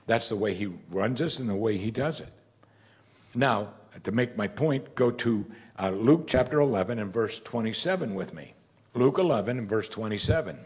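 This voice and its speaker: A man's voice: on the low side, animated, normal speed. A man preaching a sermon as pastor, talking in a conversational, emphatic way and often saying "you see".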